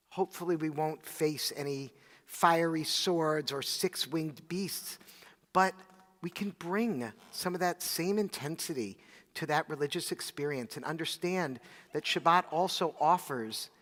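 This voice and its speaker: Rabbi guy giving a sermon, kinda higher voice, long echo from a big sanctuary. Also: fairly bright tone. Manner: reflective storytelling. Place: synagogue sanctuary. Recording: long reverb of a large sanctuary.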